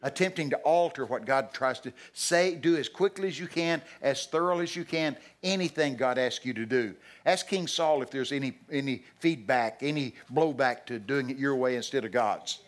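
Older male preacher, folksy storyteller, bursts up high and loud for emphasis. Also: normal speed, hardly any pauses. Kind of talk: sermon. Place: church sanctuary.

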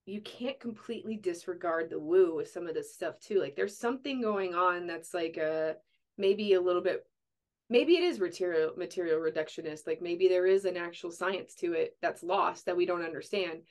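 A woman's voice: fairly low pitch, normal speed. A woman hosting a podcast, chatting in a rambling way with many fillers. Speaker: podcast host. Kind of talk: casual chat.

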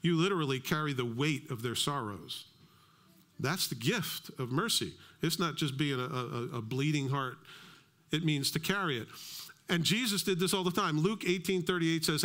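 A middle-aged male pastor giving a sermon, telling stories with lively acted-out dialogue. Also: a little high, moderate pace. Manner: animated storytelling, acts out dialogue.

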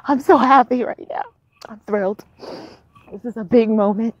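A woman vlogging as a mother, excited and emotional, laughing and near tears. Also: fairly high pitch, normal speed, dry recording, lo-fi sound. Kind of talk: excited casual vlog.

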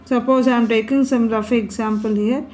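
A woman's voice: fairly high pitch, fairly even intonation, moderate pace, a little mellow, slight background noise. A woman teaching a statistics lesson at a board, explaining step by step and putting questions to her class. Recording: echoey room.

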